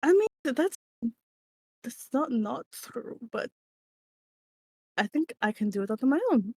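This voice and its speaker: A woman playing her character at a tabletop game, speaking in a halting, amused way. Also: a little high, expressive, darkish tone, husky, dry recording. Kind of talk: casual in-character roleplay chat.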